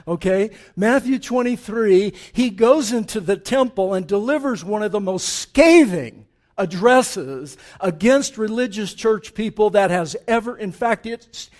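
A man preaches a sermon as pastor, reading scripture dramatically and swinging between loud declamation and hushed tones. His voice sits high.

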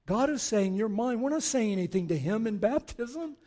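A male pastor preaching a sermon, reading verses aloud and urging his listeners on with animated, forceful exhortation. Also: high-pitched, moderate pace.

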